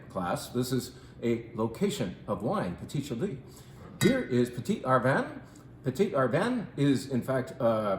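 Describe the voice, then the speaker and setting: A man's voice: medium pitch, roomy sound, slight background noise, low-quality recording. Playful man hosting a wine talk. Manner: playful, theatrical, drawn-out emphasis. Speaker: wine shop host. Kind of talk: chatty wine presentation.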